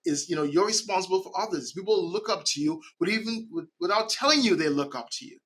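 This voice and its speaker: A middle-aged man from the Caribbean, a podcast guest speaking in an animated way and often checking in with "right?". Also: sits high, fast talker, slightly rough. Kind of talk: conversational interview.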